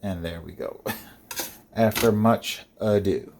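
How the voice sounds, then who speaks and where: Guy cooking and chatting at home, slow and easy, chuckles while he eats. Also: lowish voice, background noise. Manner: chuckling, talking while eating. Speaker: video host. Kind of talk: casual cooking vlog.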